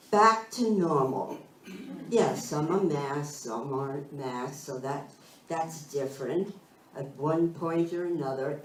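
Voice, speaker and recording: A woman minister giving a slow, thoughtful spiritual talk, searching for her phrasing as she goes. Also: low-pitched, warm tone, a little hiss or hum. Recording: roomy sound from a distant mic.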